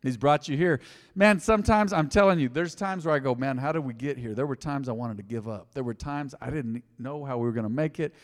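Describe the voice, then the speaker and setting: A man preaching a sermon, telling a story and acting out the lines with lively swings in loudness. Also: medium pitch, a little fast, big-room sound. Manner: animated preaching, acting out quotes. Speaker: pastor.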